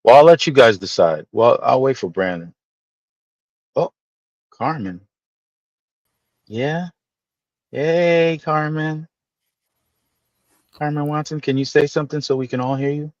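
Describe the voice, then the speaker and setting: A man hosting a live stream, chatting casually with viewers and teasing them in playful, animated asides. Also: mid-range voice, a little slow, long pauses, dry recording, dull audio. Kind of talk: casual chat reading viewer comments.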